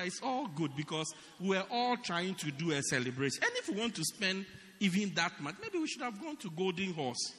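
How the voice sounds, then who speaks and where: A man preaching a sermon, animated and joking with the congregation. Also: high-pitched, brisk. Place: church hall. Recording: reverberant church hall.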